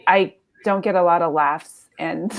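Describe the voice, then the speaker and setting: A woman's voice: fairly low pitch, slow, vocal fry. A woman in her thirties telling a comedy story, rambling and self-deprecating with lots of fillers and laughs.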